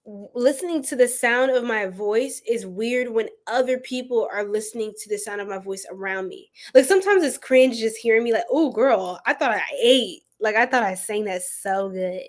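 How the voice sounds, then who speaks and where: A young woman with a higher-pitched voice, speaking at normal speed, hosts a live tarot reading. She chats casually and playfully with viewers, laughs often, and calls them "y'all" and "girl."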